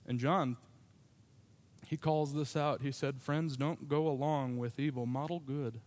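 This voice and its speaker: A man's voice: a little high, steady tone, a little slow, a little mellow. A pastor preaching a sermon to his congregation, telling a personal story in a conversational way with asides.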